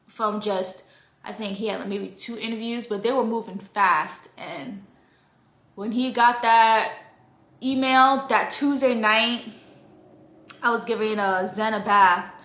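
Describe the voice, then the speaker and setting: A young woman talks straight to her audience in a loose, rambling chat, leaning on "like" at every turn. Her voice is bright and clear. The room around her rings with a noticeable echo. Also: mid-range voice. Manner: chatty, fills speech with "like", rambling and heartfelt. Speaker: vlogger. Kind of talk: casual chat.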